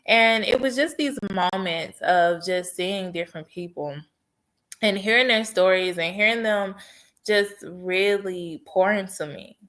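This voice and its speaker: A woman's voice: mid-range voice, measured pace, a bit bright. A woman podcast host telling a personal story in an earnest, heartfelt way and offering faith-based encouragement. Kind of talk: personal testimony monologue.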